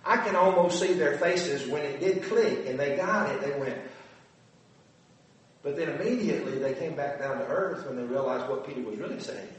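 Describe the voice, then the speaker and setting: A man's voice: fairly high pitch, normal speed. A man giving a conversational Bible lesson, earnest and full of rhetorical questions to his listeners. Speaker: Bible teacher. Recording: very echoey room from a distant mic.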